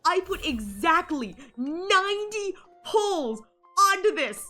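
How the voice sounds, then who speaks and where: A woman live-streaming, chatting casually and rambling excitedly over her game pulls, while sick. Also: high-pitched, measured pace, faint music behind.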